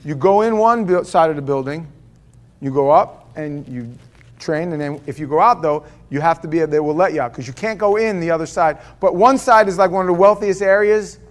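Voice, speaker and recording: A man's voice: on the high side, a little fast. A man preaching a sermon as pastor of a church, telling stories in a conversational way and firing off rhetorical questions.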